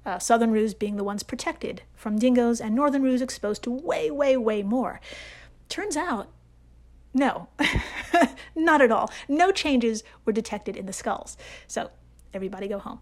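An American woman hosting a science podcast, reading her script playfully with sarcastic jokes and sudden hushed asides. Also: fairly high pitch, expressive, normal speed. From United States. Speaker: podcast host.

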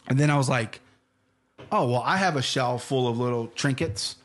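A man's voice: mid-range voice, moderate pace, fairly bright tone. A man hosting a podcast, chatting casually with a guest in a loose, playful way and swearing freely. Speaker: podcast host. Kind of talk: casual chat.

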